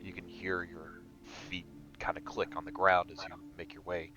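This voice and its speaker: A man's voice: low voice, flat delivery, moderate pace, bright, forceful tone. A man narrating a tabletop game as game master, rambling with many fillers. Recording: dull lo-fi recording.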